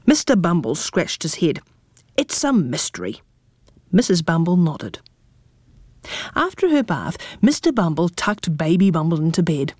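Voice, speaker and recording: A woman reading a children's storybook aloud, lively and expressive. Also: fairly low pitch, normal speed, no room sound, clean studio sound.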